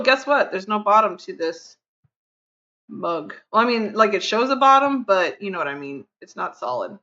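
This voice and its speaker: Chatty woman streamer, rambles to chat, hums while working; mid-pitched, lo-fi mic. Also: bright, forceful tone. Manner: hums and counts under her breath. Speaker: game streamer. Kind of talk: casual live-stream chat.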